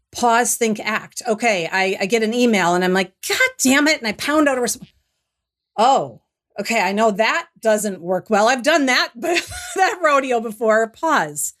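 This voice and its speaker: With a fairly high pitch and a measured pace, a middle-aged woman guesting on an interview show relates something personal. She's reflective at first, then increasingly animated, and keeps beginning her sentences again.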